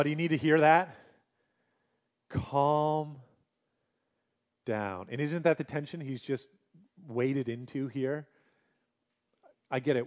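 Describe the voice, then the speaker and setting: A man preaching a sermon as pastor, moving between loud, emphatic urging and quiet, low asides.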